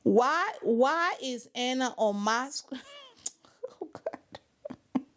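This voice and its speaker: A woman's voice: high-pitched, lively intonation, slow pace. A woman hosting a reaction channel, giving sassy, dramatic running commentary on a reality show from her couch at home.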